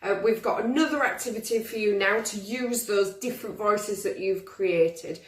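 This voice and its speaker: A woman's voice: medium pitch, moderate pace, far from the mic. A young woman teaching a drama lesson to pupils on video, encouraging them and demonstrating different voices. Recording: roomy, from the mic.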